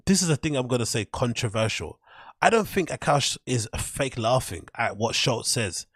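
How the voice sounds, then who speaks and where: A man's voice: mid-range voice, animated, moderate pace, a bit bright, husky, no room sound, clean studio sound. A man hosting a show, giving casual, blunt and dismissive commentary on clips. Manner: blunt, dismissive, says "cringe" a lot. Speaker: host reacting to clips.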